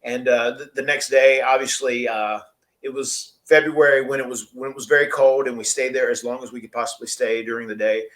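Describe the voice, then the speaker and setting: Podcast host, man, rambling casual storyteller, mid pitch. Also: steady tone, brisk, a bit bright. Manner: chatty, rambling, laughs often.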